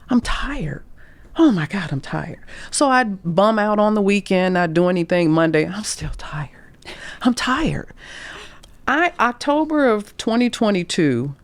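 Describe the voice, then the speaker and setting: With a medium-pitched voice, a middle-aged woman career coach shares candid podcast stories. Her delivery is animated, complete with acted-out quotes and sudden whispers, and the recording carries no echo.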